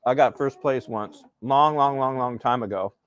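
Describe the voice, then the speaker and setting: A man casually chatting while hosting a live breakfast cooking stream, rambling and relaxed with plenty of fillers. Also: mid-range voice, normal speed. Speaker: host.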